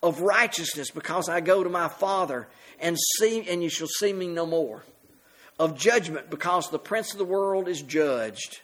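A man preaching a sermon, reading scripture aloud and explaining it to the congregation, rising on the readings and dropping soft at phrase ends. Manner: rises in pitch and volume on scripture, drops soft and slow at phrase ends.

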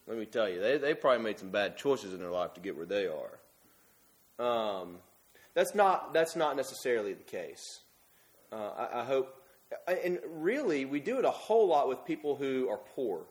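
A man's voice: mid-range voice, very animated, normal speed. A man preaching a sermon in an earnest, emphatic way, often restarting his words.

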